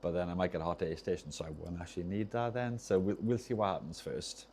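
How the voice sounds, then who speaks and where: A fast talker with a very low, soft, mellow voice, this streamer rambles while soldering controllers on a casual livestream. He keeps trailing off and restarting his thoughts, and a faint hiss runs under the audio.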